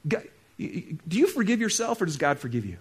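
A male pastor preaching a sermon, talking straight to his congregation and swinging between loud exclaiming and soft, hushed stretches. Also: high-pitched, sing-song, fast, husky. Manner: conversational, talks straight to the congregation.

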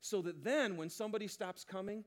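A pastor preaches a sermon in a high, light voice. He is animated and jokey, and he keeps asking the congregation questions. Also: a little fast. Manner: animated, joking, asks the crowd questions.

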